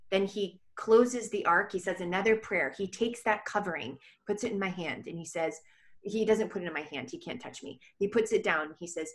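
A woman guest on a podcast telling a personal story in conversation, acting out the dialogue and swinging between rushed and drawn-out speech. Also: medium pitch.

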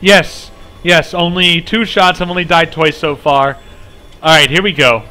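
A man's voice: a little high, steady tone, a little slow, pushed and bright. A man hosting a casual game live stream, chatting with viewers, rambling and humming along as he plays. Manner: rambling, chatty, hums tunes and laughs often. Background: faint game music.

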